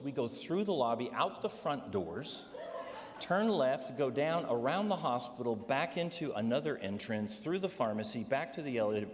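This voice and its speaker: Lower-voiced man preaching in a reverberant church. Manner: storytelling with frequent "all right?" asides. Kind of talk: sermon testimony. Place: church sanctuary. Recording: long hall reverb, faint noise.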